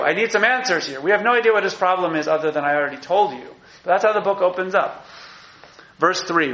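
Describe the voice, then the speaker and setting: A fairly high-voiced man teaching a class, animated and often acting out the cries in the texts he reads. The sound is echoey and a bit dull and lo-fi. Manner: animated, acts out the prophets' cries. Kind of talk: evening Torah class lecture. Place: classroom with live audience.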